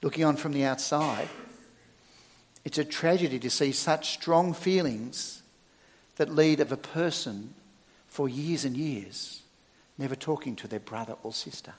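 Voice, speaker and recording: A middle-aged male church minister preaching a sermon, with emphatic, expressive delivery and sudden loud stresses. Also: fairly high pitch, measured pace, long reverb tail.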